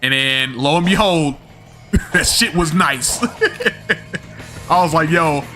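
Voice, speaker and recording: High-voiced young man chatting loosely on stream. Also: lively intonation, slow pace, pushed and bright, faint music behind. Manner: rambling, slangy, loose, with frequent fillers and swearing. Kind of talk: live-stream chat with viewers.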